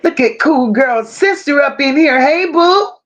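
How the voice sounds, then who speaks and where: A woman's voice: high-pitched, animated. A woman hosting a casual livestream, greeting viewers one by one and reading their chat messages aloud. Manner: warm drawn-out greetings, reads chat aloud. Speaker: livestream host.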